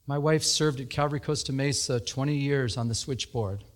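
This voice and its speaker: A middle-aged man preaching a sermon, telling stories with animated energy and laughter. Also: moderate pace. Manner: animated storytelling, laughing, rising to high emphatic peaks. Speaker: pastor.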